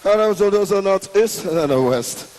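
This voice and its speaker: Man doing a low mumbling pilot, garbled announcement, long hall echo. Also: expressive, unhurried, a little mellow. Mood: droning.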